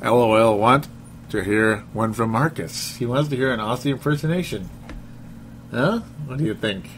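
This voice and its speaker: A man hosting a relaxed sports podcast, reading listener comments aloud and breaking into laughter often. His voice sits at an ordinary middle pitch. A faint hiss runs underneath. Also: normal speed. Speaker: podcast host. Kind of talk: casual sports chat.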